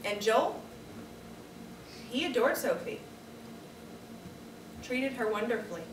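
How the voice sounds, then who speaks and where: A woman performing a first-person dramatic monologue in a measured, reflective manner, like reading from a diary. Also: a little high, sing-song, background noise. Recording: echoey room, distant camera mic.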